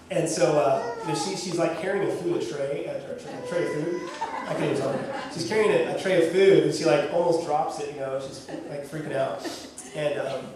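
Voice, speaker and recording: A man sharing the story of adopting his son to an audience, animated and laughing as he acts out what people said. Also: on the high side. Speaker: adoptive father sharing testimony. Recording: echoey room from far off with noise.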